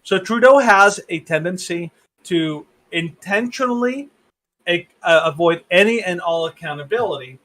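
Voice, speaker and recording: High-voiced man, halting opinionated talk. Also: lively intonation, a bit bright. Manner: halting, many fillers and restarts, opinionated. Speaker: podcast co-host. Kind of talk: casual political discussion. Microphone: video call.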